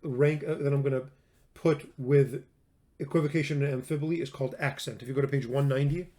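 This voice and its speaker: A man's voice: mid-range voice, steady tone, fast talker, warm tone. A man giving a recorded classroom lecture on logic, talking in a conversational way, stressing words for emphasis and often restarting his sentences.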